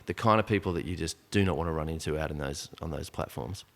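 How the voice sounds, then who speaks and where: A man telling a tense story in casual podcast chat, animated and full of asides. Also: rumbling low, fast, vocal fry. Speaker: podcast guest. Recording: long reverb, echoey room.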